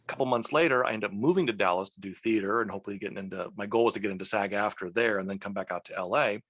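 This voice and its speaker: A man from Texas, a guest voice actor, telling lively stories in a casual interview and slipping into the voices of people he quotes. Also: on the low side, rapid-fire. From Texas, USA.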